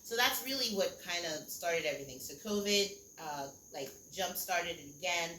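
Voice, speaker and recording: A woman's voice: lowish voice, lively intonation, moderate pace. A young woman, a singer, talking candidly and ramblingly as a podcast guest, with many fillers and casual swearing. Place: Costa Rica, outdoors or open room with crickets. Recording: echoey room with loud cricket noise.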